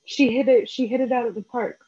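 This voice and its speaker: A woman's voice: a little high, fairly even intonation, a little fast, mellow, husky, muffled recording. A woman co-hosting a podcast over a remote call, chatting enthusiastically. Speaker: podcast co-host. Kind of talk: casual chat.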